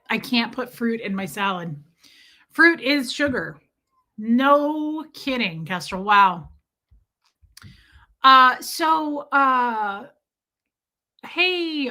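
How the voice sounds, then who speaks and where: Rambling through a casual livestream, a young woman from the Midwest answers comments from her viewers. Her voice is on the high side with a sharp tone, and she has a Midwestern American accent.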